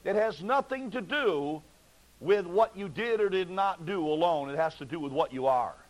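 High-voiced man preaching a fervent sermon. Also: lively intonation, normal speed, rough recording. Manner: fervent, pleading preaching with rhetorical questions.

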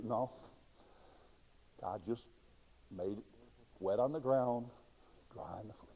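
A man preaching a sermon with dramatic delivery, acting out quoted voices and swinging between loud and hushed passages. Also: on the low side, slow pace, creaky, pauses often, slightly rough. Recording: dull lo-fi sound in a reverberant hall.

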